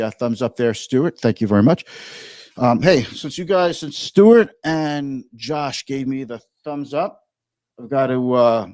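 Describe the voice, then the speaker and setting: Host, male, 50s, chatty livestream commentator, mid pitch, dry close mic. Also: a little mellow, no echo. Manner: chatty, reads viewer comments aloud, halting restarts.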